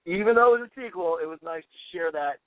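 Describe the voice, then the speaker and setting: Podcast dad gushing, slightly high voice, dry tinny sound like a phone line. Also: male voice, dry recording. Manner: excited, quick to quote lines. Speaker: podcast co-host. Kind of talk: casual chat.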